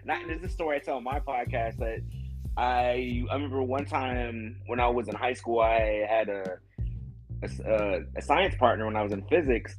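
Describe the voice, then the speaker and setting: A man's voice: mid-range voice, normal speed, soft background music, low-quality recording. A man who is a guest on a podcast, chatting casually in a laid-back way and laughing often. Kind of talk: casual chat.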